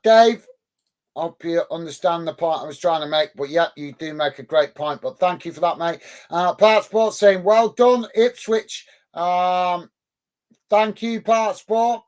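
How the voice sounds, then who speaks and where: A man hosting a live football watch-along, calling the play and thanking chat viewers by name in an upbeat way, on a close mic. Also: high-pitched. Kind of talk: live match commentary and chat reading. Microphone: close mic on a headset.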